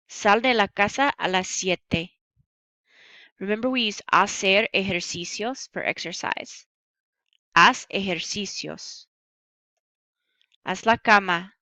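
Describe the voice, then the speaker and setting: Bright-voiced woman teaching a lesson. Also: mid-range voice, dry recording, low-quality recording. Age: adult. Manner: patient, upbeat, slow and careful on Spanish words. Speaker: Spanish teacher. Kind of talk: recorded language lesson.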